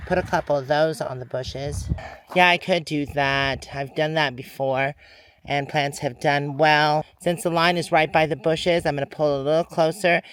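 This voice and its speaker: A man's voice: fairly high pitch, slight background noise. A man casually narrating his garden work outdoors, thinking aloud as he goes. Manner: relaxed, thinking aloud as he works. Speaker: garden vlogger.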